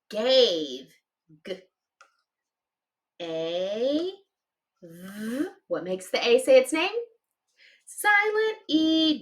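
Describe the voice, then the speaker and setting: A woman's voice: on the high side, a bit bright. A woman teaching a children's phonics lesson, spelling words letter by letter and giving cheerful praise.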